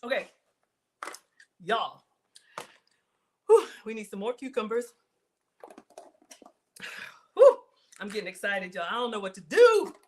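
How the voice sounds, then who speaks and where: Chatty excitable woman cooking live. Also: fairly high pitch, slow, long pauses, slight background noise. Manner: chatty, excitable, talks to viewers as "y'all". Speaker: cooking livestream host. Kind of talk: casual live cooking chat to viewers. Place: home kitchen.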